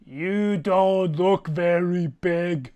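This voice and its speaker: A man doing a big, dim hill giant from a tabletop game, talking slow and loud with broken grammar. The voice sits higher than you'd expect and drags its words. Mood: blunt.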